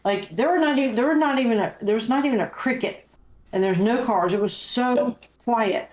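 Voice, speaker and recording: A woman's voice: a little high, fairly quick. An American woman, a guest paranormal investigator, telling stories in casual chat and acting out the voices she heard. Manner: animated storyteller, acts out voices. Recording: echoey, dull lo-fi sound.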